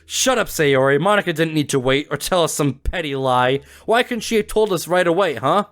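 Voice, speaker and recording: A man's voice: fairly high pitch, lively intonation, fairly quick, a bit bright. Yuri, an enraged young woman, read by a man. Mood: angry. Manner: angry, accusing. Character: furious shy young woman snapping. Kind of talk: reading a visual novel aloud.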